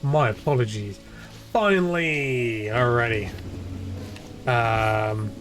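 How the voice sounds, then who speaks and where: A man's voice: medium pitch, unhurried, soft background music. A young man rambling and swearing casually through live gameplay commentary as a streamer. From half Irish, half English. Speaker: game streamer.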